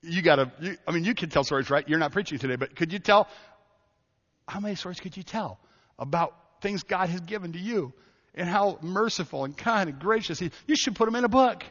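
A middle-aged man preaches from the pulpit, folksy and chatty, breaking off sentences to start over as he tells stories from his own life. His voice sits a little high. The sound is somewhat dull and rings with a long hall reverb. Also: animated, fairly quick, a bit bright. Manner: folksy, storytelling with self-interruptions and laughs. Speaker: pastor. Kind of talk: sermon.

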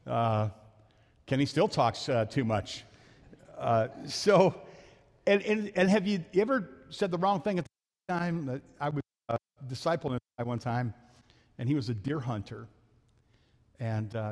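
A man preaching a sermon as pastor, talking fast and telling jokes in a church sanctuary. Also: a little high. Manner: fast-talking, joking storyteller. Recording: long hall reverb.

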